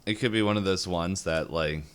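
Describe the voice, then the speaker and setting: A man's voice: low-pitched, moderate pace, smooth. A man co-hosting a podcast, joking around in laid-back casual chat with hesitant restarts. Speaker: podcast co-host.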